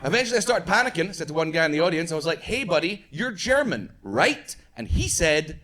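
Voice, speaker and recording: Scottish stand-up, high lively voice, animated storyteller, live club crowd laughing. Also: male voice, brisk. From Scotland. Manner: animated storytelling, acts out characters. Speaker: stand-up comedian. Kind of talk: stand-up comedy set. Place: comedy club stage before a live audience. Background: audience laughter.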